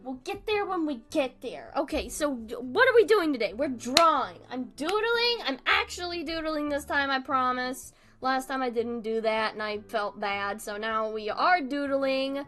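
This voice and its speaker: A woman's voice: high-pitched, animated, moderate pace, hardly any pauses, a bit bright. Giggly young woman chatting while she draws. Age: young adult. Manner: giggly, scattered, self-mocking. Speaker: streamer. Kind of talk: casual chat while drawing on stream.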